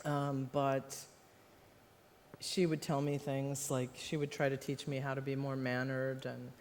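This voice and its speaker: A woman's voice: rumbling low, level tone, a little slow, a little mellow, a little hiss or hum. Laughing American woman in an echoey hall. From United States. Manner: rambling, laughs often, self-deprecating. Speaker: author and guest. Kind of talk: live onstage conversation. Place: stage in a large hall before an audience.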